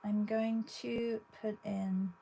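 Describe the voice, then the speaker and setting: A woman with an English accent, hosting an art livestream, chatting casually with viewers while she paints and pausing often. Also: medium pitch, level tone, vocal fry, dark tone, slight background noise. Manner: chatty, talks to viewers between long pauses.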